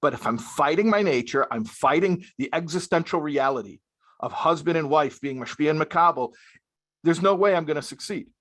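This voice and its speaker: A man's voice: on the high side, animated, brisk, fairly bright tone. Emphatic man giving a spoken lecture. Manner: emphatic, repeats key phrases, uses Hebrew and Yiddish terms. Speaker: rabbi lecturing young married men. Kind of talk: spoken sermon-style lecture.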